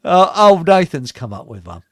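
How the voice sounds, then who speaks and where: A man hosts a radio talk show, chatting casually and telling rambling pub jokes, chuckling and stumbling over his lines. His voice is fairly high, a bit bright and sing-song, at a moderate pace. The studio-quality recording has no room sound.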